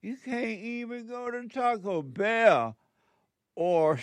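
A man's voice: very high-pitched, expressive, takes it slowly, dry recording, clean studio sound. A man hosting a call-in radio show, giving spiritual advice in a drawling, preachy way with frequent chuckles.

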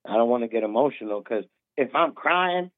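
A man's voice: medium pitch, animated, a little fast, no echo. A man in his thirties calling in, tipsy from drinking, rambling with lots of restarts and repeats. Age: 30s. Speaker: caller. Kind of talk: casual call-in talk. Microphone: phone. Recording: tinny phone line, dry.

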